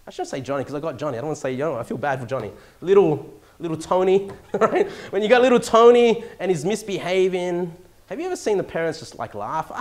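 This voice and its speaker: An Australian pastor preaching a sermon in church, animated, swinging from loud emphasis to hushed asides and chuckling now and then. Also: male voice, high voice, fast talker.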